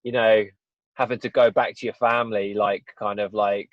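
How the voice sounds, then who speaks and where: A man's voice: on the low side, little pitch movement, moderate pace, no echo. Young male guest, candid storyteller, restarts often, muffled lo-fi audio. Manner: rambling, candid, frequent restarts. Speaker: guest, fitness business owner. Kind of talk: casual podcast interview. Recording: dull dry lo-fi audio.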